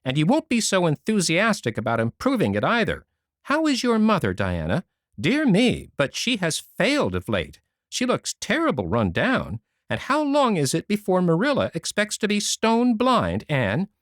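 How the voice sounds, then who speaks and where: A man's voice: high-pitched, wildly swooping pitch, moderate pace, a bit bright, no room sound, studio quality, voice pushed up, exaggerated voice. A man reading a storybook voices a grim, sour old woman with a scornful, pessimistic manner. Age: fifty-seven.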